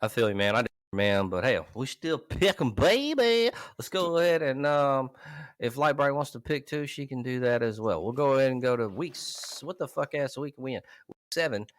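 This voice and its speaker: A man's voice: medium pitch, expressive, moderate pace, no echo. A man hosting a casual podcast with loose, profane, laughing banter. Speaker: podcast host. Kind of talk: casual comedic podcast chat.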